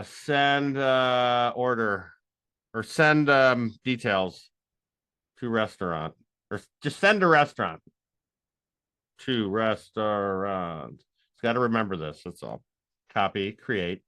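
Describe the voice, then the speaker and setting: A man teaching a live software tutorial, excitable and rambling as he thinks aloud. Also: medium pitch, clean tone, no echo. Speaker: instructor.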